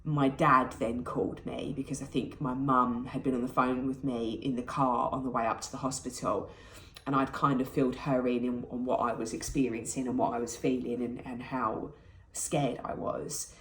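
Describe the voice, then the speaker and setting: A woman's voice: very deep voice, little pitch movement, moderate pace, a bit bright, far from the mic. A British woman in her thirties, candidly and emotionally retelling a personal experience to camera. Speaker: vlogger. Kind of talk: personal storytelling. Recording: echoey room.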